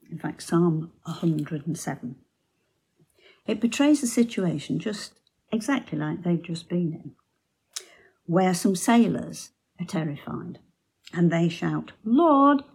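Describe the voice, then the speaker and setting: A woman giving a devotional Bible talk, telling the story slowly and sinking to soft near-whispers. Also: fairly low pitch, creaky, slightly rough, rough recording. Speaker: Bible teacher.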